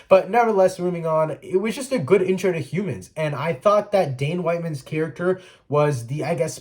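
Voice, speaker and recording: A man's voice: fairly high pitch, a little mellow. A man giving a casual spoiler review, chatty and full of "like" and restarts. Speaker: movie reviewer.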